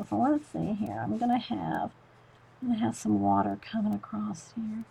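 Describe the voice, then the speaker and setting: A woman's voice: mid-range voice, lively intonation, moderate pace, gravelly, slightly rough, low-quality recording. A woman demonstrating mixed media painting, murmuring to herself as she works. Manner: soft, murmured self-talk while painting, often near a whisper.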